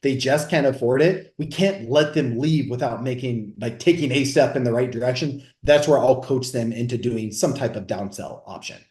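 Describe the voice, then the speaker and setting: A man co-hosting a podcast, coaching on sales in an energetic, instructive way. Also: medium pitch, normal speed, hardly any pauses, roomy sound. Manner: energetic, instructive, explaining frameworks. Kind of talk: casual podcast chat.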